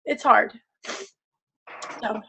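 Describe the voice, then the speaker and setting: A woman on a team conference call, sharing a personal struggle in a halting, heartfelt way. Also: sharp tone, slight background noise. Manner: halting, heartfelt, many restarts. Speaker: team member. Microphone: phone on a call.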